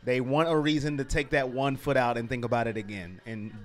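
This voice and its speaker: A man's voice: mid-range voice, steady tone, brisk. A man co-hosting a fan watch party stream, openly emotional and rambling about his team. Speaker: co-host and fan. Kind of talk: casual fan chat.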